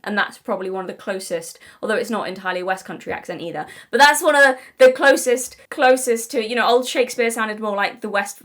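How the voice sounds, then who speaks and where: A woman's voice: medium pitch, fairly bright tone. A young British woman giving casual commentary to camera, chatty and digressive, often apologizing, and emphatic and exasperated at times. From Britain. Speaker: video essayist.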